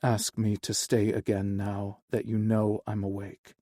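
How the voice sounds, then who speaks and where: A rugged, protective ranch man who speaks low with a growl, read by an audiobook narrator. His voice is warm and mellow. It is recorded dry and close. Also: monotone, measured pace, dry recording. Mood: firm. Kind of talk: audiobook character voice.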